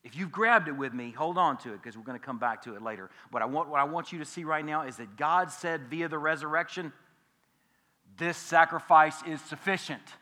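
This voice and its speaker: A man preaching a sermon as pastor, emphatic, swinging between loud and hushed and repeating key phrases. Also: a little high, quick pace, few pauses, in a large hall. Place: church sanctuary.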